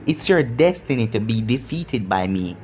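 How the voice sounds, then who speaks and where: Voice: mid-range voice, sing-song, normal speed, darkish tone, slight background noise, pitched below the performer's own voice, lightly acted. A narrator reading an arrogant, confident teenage boy ninja who talks down to his rival. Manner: confident, condescending.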